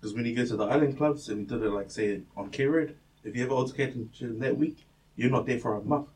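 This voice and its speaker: Animated New man telling stories. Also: medium pitch, fast. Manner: animated storyteller, swears freely, acts out quotes. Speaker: podcast co-host. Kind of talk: casual chat, storytelling. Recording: distant mic, faint room ambience.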